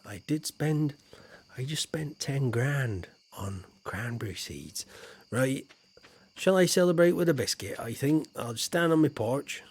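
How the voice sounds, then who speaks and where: A chatty middle-aged English man livestreaming a cosy farming game, talking to his chat in a relaxed, rambling way. His voice sits at an everyday middle pitch, and he often drops into quiet mumbled asides before perking up again. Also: unhurried, breathy edge. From England. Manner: chatty and playful, muttering asides, trailing off. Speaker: game streamer. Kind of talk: casual live-stream gameplay chat.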